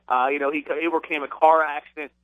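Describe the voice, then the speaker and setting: Higher-voiced host on tinny radio audio. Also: male voice, level tone, quick pace, dry recording. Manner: casual, with hesitations. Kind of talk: radio interview.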